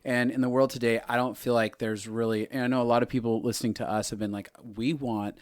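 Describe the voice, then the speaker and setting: A man's voice: medium pitch, level tone, fast, no room sound, studio quality. A man co-hosting a podcast, chatting casually and bantering teasingly with his partner. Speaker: podcast co-host. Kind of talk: casual chat.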